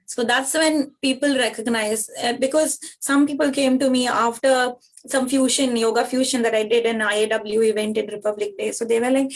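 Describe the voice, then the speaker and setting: A woman yoga teacher answers an interviewer over a video call. Her voice sits a little high, and she explains earnestly, with many short pauses. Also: fairly even intonation, creaky. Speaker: yoga teacher and studio founder.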